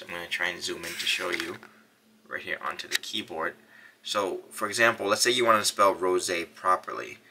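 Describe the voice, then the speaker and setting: A man hosting a casual phone tutorial, upbeat and energetic, talking while he demonstrates on a phone. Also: fairly low pitch. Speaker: tech vlogger.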